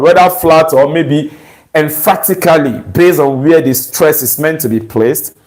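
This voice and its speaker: A man's voice: fairly high pitch, rough recording. A man teaching English grammar, walking through exam questions and checking with rhetorical questions. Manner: slow, deliberate, asks rhetorical checks.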